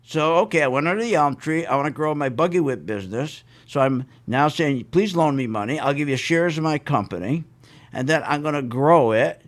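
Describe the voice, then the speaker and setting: A man's voice: on the high side, lively intonation, brisk. A man hosting a live radio show about investing, ranting with emphatic repetition and a sarcastic, mocking edge.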